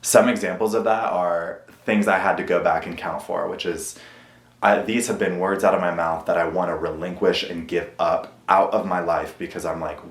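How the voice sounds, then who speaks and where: A man's voice: deep voice, steady tone, normal speed, roomy sound. A man vlogging a candid confessional monologue to camera, earnest and self-critical, swearing often. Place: at home.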